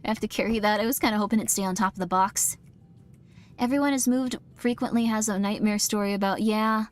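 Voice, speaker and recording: A woman with a mid-range voice speaks a little fast while streaming a game and reading chat. Her casual talk rambles, turns self-mocking, and jumps into quoted voices, with faint music in the background.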